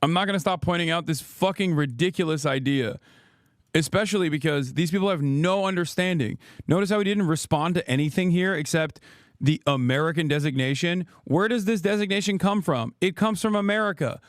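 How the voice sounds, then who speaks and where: A man's voice: sits high, brisk, no echo, clean studio sound. A man in his thirties streaming an angry, profane political rant, full of sarcastic rhetorical questions. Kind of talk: ranting livestream commentary.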